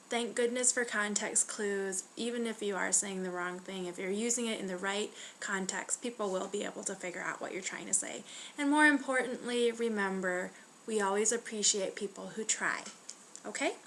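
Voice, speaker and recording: A young American woman giving a casual beginner language lesson, chatty and friendly, slowing down to sound out each word. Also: mid-range voice, fairly even intonation, fairly bright tone, a little hiss or hum. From United States. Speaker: language teacher.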